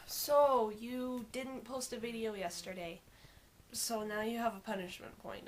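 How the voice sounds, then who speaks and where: A teenage girl telling a vlog story in an animated, sarcastic and exasperated way. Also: fairly high pitch, a little slow. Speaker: vlogger.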